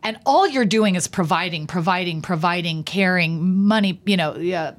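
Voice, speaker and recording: A woman's voice: on the low side, normal speed. A married woman in her thirties co-hosting a podcast, teasing and playful, talking casually with many filler words. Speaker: podcast co-host. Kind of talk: casual chat.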